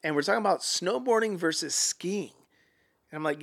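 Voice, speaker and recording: Male podcast guest, gravelly and a bit high, casual and profane storyteller. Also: moderate pace. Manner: animated, profane, acts out quotes.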